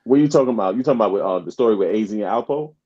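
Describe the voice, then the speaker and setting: A man's voice: fairly low pitch, lively intonation, racing, a crowd in the background. A man co-hosting a podcast, laying out a story in a laid-back, casual way. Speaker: podcast co-host. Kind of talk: casual chat. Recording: dull lo-fi sound.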